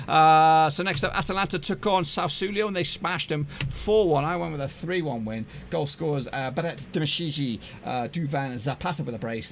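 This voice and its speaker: A man hosting a football prediction channel, chatting casually in an energetic, jokey, rambling way with lots of fillers. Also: mid-range voice, creaky, a little hiss or hum. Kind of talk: casual chat to camera.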